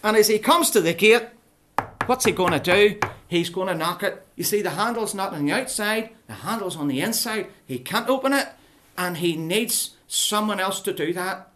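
A preacher tells a Bible story to children in a playful, animated way, often asking them questions. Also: medium pitch, normal speed.

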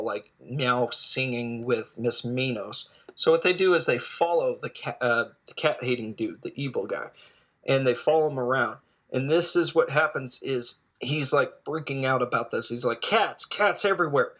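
A man's voice: medium pitch, a bit bright. Rambling casual male film reviewer. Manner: rambling, jokey, many fillers and asides.

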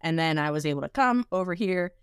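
A young American woman guesting on a podcast, telling stories in a lively, laughing way. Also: low voice, quick pace, clear, resonant tone, dry recording, studio quality. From United States. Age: young adult. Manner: lively storyteller who laughs through her anecdotes. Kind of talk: casual podcast chat.

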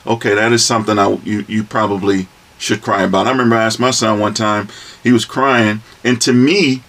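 A man, a father, in a casual group talk, explaining his views in a relaxed way with everyday analogies. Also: mid-range voice.

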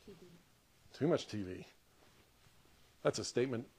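Animated, conversational male preacher. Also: medium pitch, moderate pace, breathy edge. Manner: conversational, emphatic, laughs often. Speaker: pastor. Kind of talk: podcast sermon.

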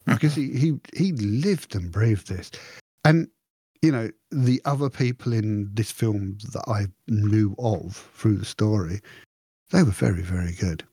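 A man co-hosting a podcast, chatting in a rambling, animated way with frequent restarts. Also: on the low side, measured pace, husky, no room sound, studio quality. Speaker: podcast co-host. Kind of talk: casual chat.

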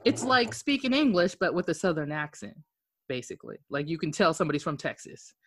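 A woman from Okinawa in casual conversation with friends, talking in an animated, candid way and swearing now and then. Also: low-pitched, a little fast, no room sound. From Okinawa, Japan. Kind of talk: casual chat.

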